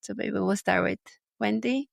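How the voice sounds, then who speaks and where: A woman hosting a podcast round table, who speaks in a slow, measured way. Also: mid-range voice, vocal fry, no room sound, clean studio sound. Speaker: host.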